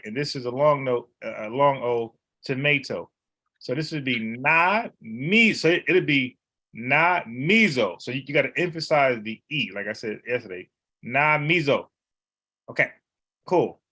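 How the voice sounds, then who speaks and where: A man with a medium-pitched, slightly bright voice teaches the Bible in a relaxed, chatty style. He goes over letters individually and repeats words as he explains.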